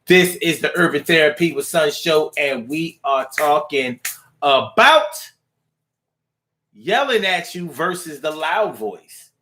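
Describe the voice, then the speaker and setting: A male talk show host with a slightly high voice, speaking in relaxed full of slang. He chats loosely to his listeners and riffs playfully, even half-singing the call-in number. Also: slow pace. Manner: loose, street slang, sings the phone number.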